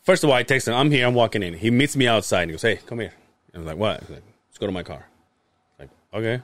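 A man's voice: on the low side, quick pace. A young man on a podcast, telling a casual story and acting out the lines of the people in it with a lot of swearing. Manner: animated, swears freely, acts out quoted lines. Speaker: podcast host.

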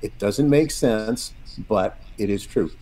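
A male guest songwriter explaining things in conversation, deliberate with a few stammers. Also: fairly low pitch, dark tone.

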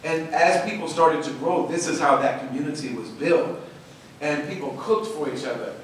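A man's voice: fairly high pitch, normal speed, a little hiss or hum. Emphatic man, echoey far-off room. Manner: animated, emphatic, repeats words for stress. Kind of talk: passionate storytelling talk.

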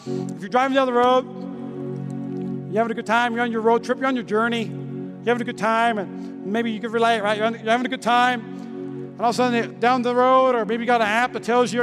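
High-voiced preacher man over music. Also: in a large hall. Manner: lively, talks to the congregation with playful asides. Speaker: pastor. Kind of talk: sermon. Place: church. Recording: music playing behind.

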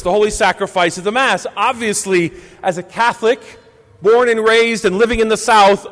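A Catholic priest in his fifties giving a measured, reflective Sunday homily in a church. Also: sits high, fairly bright tone. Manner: measured, reflective preaching with deliberate pauses. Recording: long church reverb.

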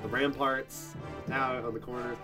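A man's voice: mid-range voice, flat delivery, moderate pace, music in the background. A man narrating as game master of a tabletop game, describing scenes in rambling, filler-heavy speech.

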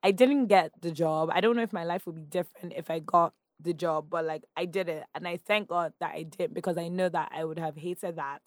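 A woman's voice: lowish voice, fairly even intonation, fairly quick, hardly any pauses, no room sound. A young Nigerian woman in her twenties, a podcast guest chatting casually with many "like" fillers. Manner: chatty, lots of "like" fillers, laughs often. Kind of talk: casual interview chat.

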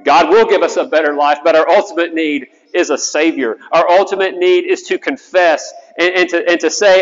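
A man's voice: a little high, steady tone, normal speed, hardly any pauses. A man, a chaplain, preaching an earnest sermon, often repeating words as he goes. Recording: dull sound with long hall reverb.

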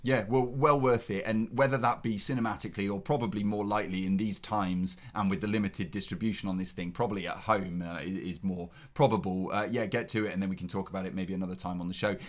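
A man's voice: deep voice, steady tone, fast, hardly any pauses. A man hosting a film review show, giving blunt opinions in casual chat with his co-host.

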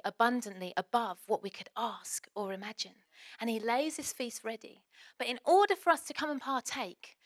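A woman preaching a sermon in a chatty, lively way, with sudden quiet asides. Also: fairly high pitch, a little fast.

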